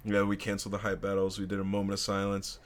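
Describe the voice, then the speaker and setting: Young male co-host, low voice, loose profane storyteller, casual podcast chat. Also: monotone, racing, background noise.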